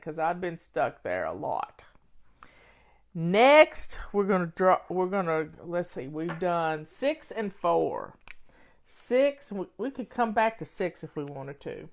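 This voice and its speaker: An older woman from Tennessee with a Southern accent, a home organizing host chatting casually and telling stories in a folksy way. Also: on the low side. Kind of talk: casual chat.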